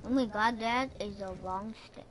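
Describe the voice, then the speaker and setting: A young girl chatting excitably while playing a survival game alongside her dad. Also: medium pitch, moderate pace. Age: child. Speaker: co-player. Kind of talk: casual play chatter. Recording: noisy home recording.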